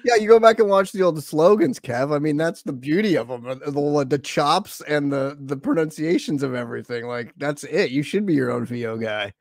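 A man's voice: on the high side, moderate pace, few pauses, no room sound, clean studio sound. A man co-hosting a casual podcast, telling an industry story with punchy emphasis. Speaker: podcast co-host. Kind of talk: casual chat.

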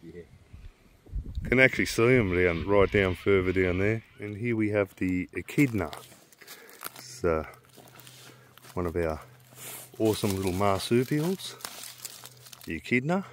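Slow, low-voiced Australian man outdoors. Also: animated, slight background noise. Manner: enthusiastic, keeps calling things mad and magic. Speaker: wildlife vlogger. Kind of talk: casual outdoor commentary. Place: outdoors in the bush. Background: guitar music.

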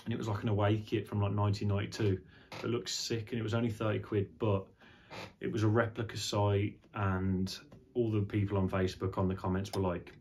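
Casual male vlogger, lowish pitch, rambling sweary chat in a home studio. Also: level tone, fairly quick, a little mellow, slight background noise. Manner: rambling, loose and sweary, heavy on fillers and "man". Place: indoor home studio, seated on a squeaky chair.

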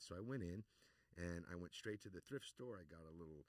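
A middle-aged man with a very low voice recounts stories in a relaxed interview. He repeats his punchlines and laughs along as he talks. His voice sits a little away from the microphone in a dry, dead room. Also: a little fast, no room sound, distant mic. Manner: lively anecdotal storyteller, laughs and repeats phrases. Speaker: actor, podcast guest. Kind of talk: casual interview storytelling. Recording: voice somewhat off-mic, dry.

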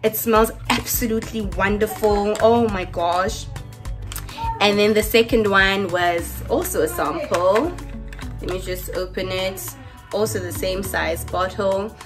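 A woman's voice: mid-range voice, unhurried, music in the background. Chatty woman vlogger. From South Africa. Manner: lively, chatty, talks straight to viewers. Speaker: YouTuber. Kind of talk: casual storytime chat to camera.

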